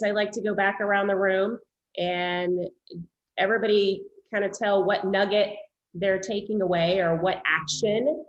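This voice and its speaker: A woman leading a mastermind meeting on a video call, relaxed and pausing with fillers. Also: medium pitch, dull audio. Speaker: meeting host.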